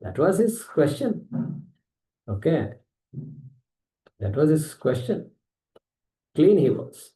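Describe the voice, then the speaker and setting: A man with an Indian accent teaching a scripture class, talking in a lively, conversational way and acting out the objections he answers. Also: fairly high pitch, takes it slowly, pauses often, reverberant, poor audio. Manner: animated, conversational, acts out objections.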